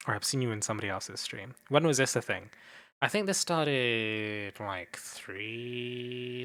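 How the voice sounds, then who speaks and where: A man's voice: mid-range voice, a bit bright. A young man casually commenting on a game while streaming, chatting with viewers and swearing offhandedly.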